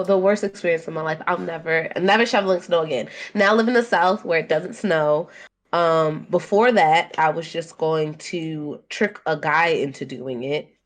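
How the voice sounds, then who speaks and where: A young woman with a Baltimore accent, co-hosting a podcast and telling a story in casual chat, animated and laughing often. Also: fairly low pitch. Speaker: podcast co-host.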